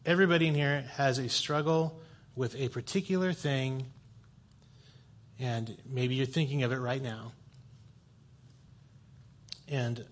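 Speaking a little slowly and pausing often, this guest preacher keeps a steady, medium-pitched tone. In the church sanctuary he delivers his sermon like a conversation, full of stories and self-deprecating humor.

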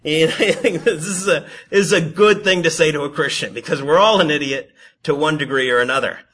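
A man's voice: on the high side, a little fast, a bit bright, slightly rough. A man reading Bible passages aloud and commenting on them, correcting himself and stammering with fillers as he talks. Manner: reads plainly, self-corrects, stammers with fillers. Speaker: Bible teacher.

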